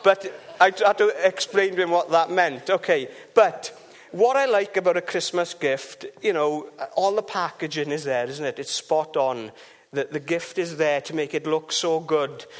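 Chatty high-voiced man. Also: normal speed. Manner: chatty and rambling, with restarts and asides. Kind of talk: informal devotional talk.

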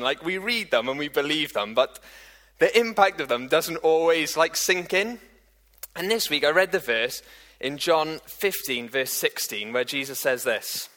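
Bright, chatty young preacher. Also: male voice, a little high. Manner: chatty and humorous, lots of fillers and restarts. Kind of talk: casual church talk.

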